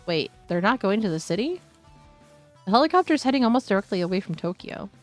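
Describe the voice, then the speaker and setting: A woman streamer reads a visual novel aloud in a steady, middling-pitched voice. She breaks into candid asides now and then. Faint music sits behind her desk microphone. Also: fast talker. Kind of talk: live-streamed story reading with asides.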